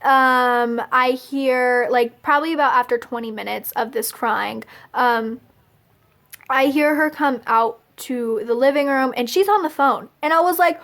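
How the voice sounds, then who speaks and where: Chatty high-voiced young woman. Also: measured pace, fairly bright tone. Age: young adult. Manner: chatty, filler-heavy, giggly. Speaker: vlogger. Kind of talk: casual storytelling.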